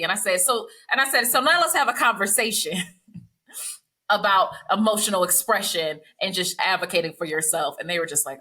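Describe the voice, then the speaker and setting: A woman's voice: mid-range voice, a little fast. A woman hosting a podcast as a psychologist, telling stories animatedly and acting out what others said. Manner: animated storyteller, acts out quotes. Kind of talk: podcast conversation.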